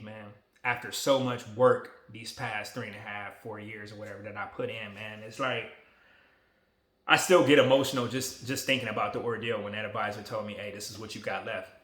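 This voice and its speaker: A man in his forties talking casually to a phone camera, relaxed, emotional and motivational. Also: fairly low pitch, reverberant. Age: 40s. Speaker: vlogger.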